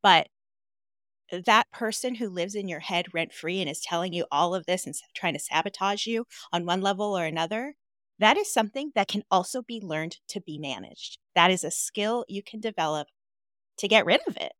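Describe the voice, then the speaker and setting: A woman's voice: mid-range voice, expressive, normal speed, fairly bright tone, dry recording, clean studio sound. Playful, emphatic woman guest. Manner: playful, laughs easily, emphatic. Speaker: interview guest, podcaster. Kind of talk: casual interview chat.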